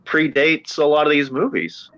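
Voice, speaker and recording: A man's voice: a little high, very animated, normal speed, creaky, fairly bright tone, highs cut off. A man chatting in a casual movie commentary, opinionated, rambling through loose lists of examples. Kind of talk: casual film chat.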